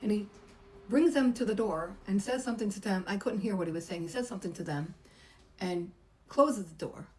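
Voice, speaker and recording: A woman's voice: mid-range voice, brisk, a little mellow, low-quality recording. A middle-aged woman, a massage therapist, chattily telling a personal story and acting out the voices she quotes. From United States.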